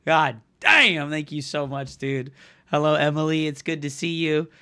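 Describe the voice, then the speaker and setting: A young man streaming a strategy game live, his voice sitting fairly high and sounding bright and forceful. He talks to his chat in a rush of excitable, profane commentary as he plays. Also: unhurried, smooth. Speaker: streamer and coach.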